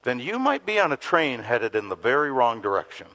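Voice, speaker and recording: A middle-aged male pastor preaching a sermon, telling a story with lively laughter and acted-out quotes. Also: medium pitch, fairly quick, low-quality recording. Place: church gathering in a community center.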